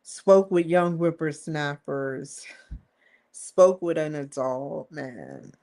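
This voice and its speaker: A woman's voice: sits low, big pitch swings, slow, warm tone. A woman talking to the camera in a rambling, candid vlog monologue, swearing freely and leaning hard on stressed words. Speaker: vlogger.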